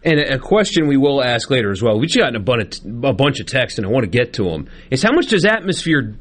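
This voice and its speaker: A man's voice: medium pitch, very animated, fast. A man hosting a sports talk radio show, telling stories and reading listener texts with easy laughter.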